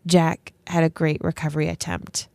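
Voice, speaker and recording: A woman in her thirties co-hosting a TV show podcast, telling a personal story in a chatty, expressive way. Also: deep voice, normal speed, gravelly, no room sound. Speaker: podcast co-host. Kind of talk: casual chat and storytelling.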